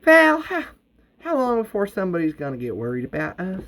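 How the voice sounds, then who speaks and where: A man's voice: high voice, wildly swooping pitch, fairly quick, fairly bright tone, pitched above the performer's own voice, full character voice. A man voicing an anxious, tough middle-aged woman survivalist who talks in clipped bursts.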